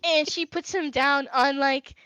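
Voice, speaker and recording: A woman's voice: high-pitched, fairly even intonation, a little slow, bright, forceful tone, dry recording, muffled recording. A woman narrating as game master of a tabletop game, hesitant and full of fillers.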